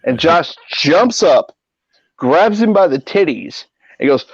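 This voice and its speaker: A man's voice: on the high side, animated, a little slow, slightly rough, dry recording. A middle-aged man hosting a podcast, telling rambling, profane anecdotes in a casual way. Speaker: podcast host. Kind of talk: casual storytelling. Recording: dull lo-fi audio.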